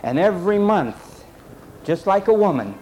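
A man's voice: sits high, big pitch swings, unhurried, warm tone, slight background noise, rough recording. A man preaching a sermon, speaking straight to his congregation in an emphatic, repetitive style. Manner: addresses the congregation directly.

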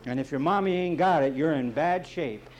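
Guy preaching hard, repeats himself a lot, a bit high pitched, light background noise. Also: normal speed, a little mellow. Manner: emphatic, repetitive preaching with folksy asides. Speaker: pastor. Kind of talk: sermon.

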